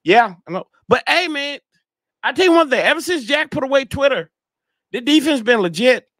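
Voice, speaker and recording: A man's voice: extremely high pitch, expressive, normal speed, a bit bright, no echo. A man hosting a casual sports fan livestream, rambling in slangy talk and reading chat comments aloud. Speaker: podcast host reading live chat.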